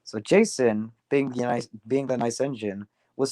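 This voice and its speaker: A man's voice: mid-range voice, fairly even intonation, moderate pace, warm tone, dry recording. A man casually telling a story on a livestream, rambling with many restarts. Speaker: storyteller, streamer.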